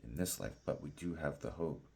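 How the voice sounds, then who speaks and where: Male pastor, very low husky voice, slow, halting Bible teaching with frequent "right?" asides. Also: a little mellow. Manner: halting, many fillers and restarts, asks "right?" and "y'all".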